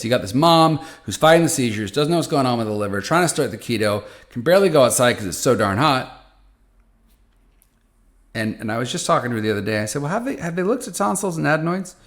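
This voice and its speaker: A man with a medium-pitched, expressive voice talks quickly and casually from a hot office, hosting a podcast for a patient foundation. His monologue is animated, and he often restarts his phrases.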